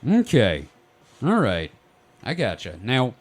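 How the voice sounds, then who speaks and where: Lively joking podcast host. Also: male voice, mid-range voice, measured pace. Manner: lively storyteller, swears freely, laughs often. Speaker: podcast host presenting the research. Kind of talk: casual comedic podcast banter.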